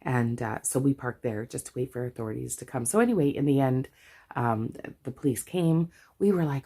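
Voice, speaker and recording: A woman's voice: very deep voice, moderate pace, dark tone, breathy edge. A middle-aged Canadian woman telling a story in a casual chat, chatty and full of asides. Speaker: budgeting vlogger.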